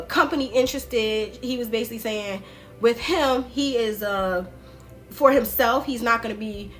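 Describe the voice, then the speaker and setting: A woman hosting a livestream, chatting casually and directly to her viewers in loose, slangy speech, retelling things with animated swings in pitch. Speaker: livestream political commentary host. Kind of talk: casual chat.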